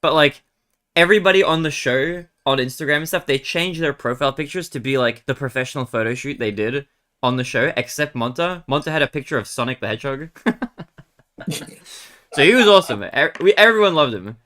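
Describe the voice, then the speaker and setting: A young man, a streamer casually chatting and retelling a reality show in a rambling, animated way with lots of fillers. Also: fairly high pitch, fairly quick. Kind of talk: casual chat while gaming.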